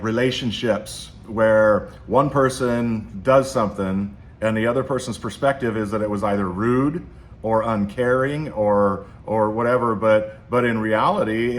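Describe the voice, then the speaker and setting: A man hosting a casual motivational monologue, rambling with frequent restarts. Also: lowish voice. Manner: rambling, with many restarts and fillers. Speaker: host.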